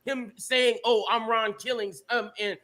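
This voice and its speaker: A man's voice: very high-pitched, steady tone, unhurried, a bit bright. A young man co-hosting a casual podcast, ranting animatedly and swearing a lot. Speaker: podcast co-host.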